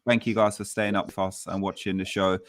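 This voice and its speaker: A man's voice: low-pitched, flat delivery, fairly quick, no room sound, studio quality. A man hosting a casual football fan show, upbeat and repeating himself. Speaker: host.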